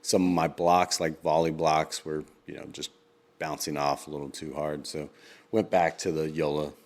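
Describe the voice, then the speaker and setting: A man co-hosting a podcast in casual chat, rambling with lots of ums and quick laughs. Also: very deep voice, little pitch movement. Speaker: podcast co-host.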